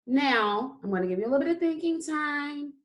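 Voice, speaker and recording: A woman teaching a phonics lesson to young children, speaking in a slow, encouraging way and stretching out the sounds of words. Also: sits high, lively intonation. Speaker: kindergarten teacher.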